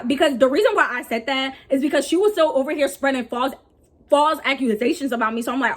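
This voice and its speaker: A young woman tells a story to her viewers in loose, slang-filled talk. She is animated and keeps acting out what others said. Her voice sits a little on the high side. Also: brisk. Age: young adult. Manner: animated, slangy, acts out quotes. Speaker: vlogger. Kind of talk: casual storytime.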